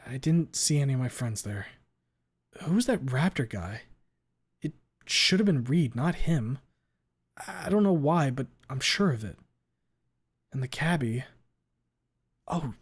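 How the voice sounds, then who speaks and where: A man's voice: medium pitch, animated, unhurried, long pauses, breathy edge. A man reading a visual novel aloud in the first person, dramatic, cursing freely and sometimes stumbling over words.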